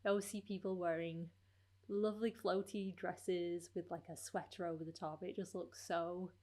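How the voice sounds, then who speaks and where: A woman's voice: fairly low pitch, steady tone, normal speed, warm tone. A woman hosting her knitting podcast in a casual, rambling chat, with many fillers along the way.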